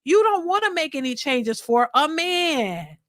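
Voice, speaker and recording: A woman's voice: high-pitched, big pitch swings, measured pace, fairly bright tone, dry recording, studio quality. A woman hosting a reaction channel, chatting to her live viewers in a blunt, emphatic way and lecturing them. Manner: mocks others by quoting them in a put-on voice. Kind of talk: casual commentary to a live chat.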